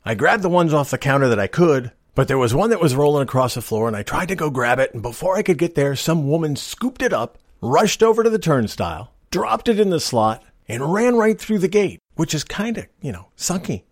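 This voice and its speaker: Wry middle-aged male storyteller, lively pitch. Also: brisk, few pauses, dry recording, studio quality. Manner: wry, deadpan joking delivery. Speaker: storyteller host. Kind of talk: casual spoken storytelling.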